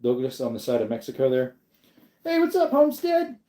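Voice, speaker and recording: A man hosts a laid-back livestream, drifting from one thing to the next as he replies to his chat. His voice is mellow and relaxed, at an ordinary pitch for a man. The sound comes back off the walls of an echoey room. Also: fairly quick. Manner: rambling, reads chat aloud and answers viewers. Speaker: livestream host. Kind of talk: casual live stream chat.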